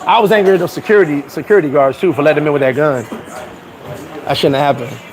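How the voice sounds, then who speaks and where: A man's voice: on the high side, fast talker, poor audio. A man, hosting and telling profane, laughing stories in casual chat. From New York. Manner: animated, profane, laughing storyteller. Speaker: host. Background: crowd chatter.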